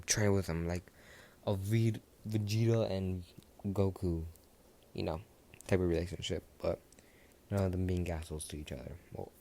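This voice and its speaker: A man's voice: sits low, a little mellow. A young man casually improvising a fan story, rambling with many restarts and asides.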